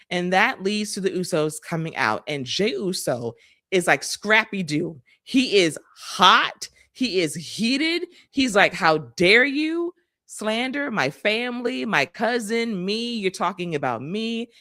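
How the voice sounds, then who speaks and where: A woman co-hosting a podcast, recapping wrestling with animated, sarcastic, profane commentary. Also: fairly low pitch, dry recording, clean studio sound. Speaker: podcast co-host.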